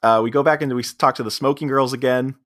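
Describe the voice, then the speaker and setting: A man's voice: medium pitch, steady tone, quick pace, fairly bright tone. Man casually recapping a comedy film. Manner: laughs often, acts out quoted lines in funny voices. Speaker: podcast co-host. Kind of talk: casual movie recap chat.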